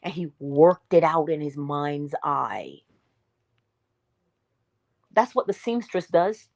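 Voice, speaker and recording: A woman with a fairly low voice delivers a motivational morning talk. She speaks straight to her listeners, swinging from emphatic bursts to hushed, near-whispered asides and asking rhetorical questions like a preacher. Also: animated, slow pace, creaky. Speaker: inspirational speaker.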